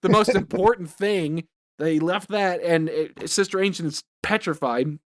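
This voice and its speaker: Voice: medium pitch, measured pace. A podcast co-host recapping a movie scene by scene in a profane, rambling, exasperated way. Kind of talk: casual chat.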